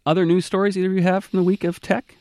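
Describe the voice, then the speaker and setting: A middle-aged man leads a relaxed tech podcast, teasing his co-hosts with an easygoing, joking manner. His voice has a gravelly texture. The recording is dry and close, with no room sound. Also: high-pitched, very fast, dry recording. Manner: playful, joking. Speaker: podcast host. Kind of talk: casual chat.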